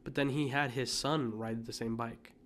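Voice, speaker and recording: A young man talks loosely on a podcast, circling back and restarting his sentences. His pitch sits in the middle of the range. The chat is relaxed and unscripted. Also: moderate pace, slight background noise. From United States. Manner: rambling, many fillers and restarts, coughs now and then. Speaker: podcast co-host. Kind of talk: casual chat.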